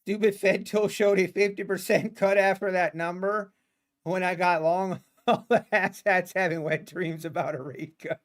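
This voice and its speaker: A man's voice: sits high, steady tone, moderate pace. A man streaming his day trading live, chatting casually and talking to the market in a playful, sarcastic way, laughing often. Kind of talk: casual livestream commentary.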